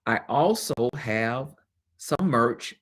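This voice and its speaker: A man's voice: mid-range voice, lively intonation, drawn-out words, a bit bright. A man hosting a webcast as a former teacher, talking candidly and casually, with frequent laughs and chatty asides.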